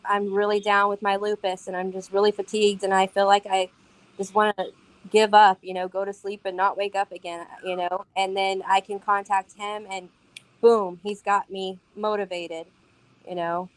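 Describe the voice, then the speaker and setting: A woman's voice: medium pitch, flat delivery, moderate pace, clear, resonant tone, no echo, rough recording. Woman co-host, plain spoken, mid voice, dry close sound. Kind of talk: casual interview chat.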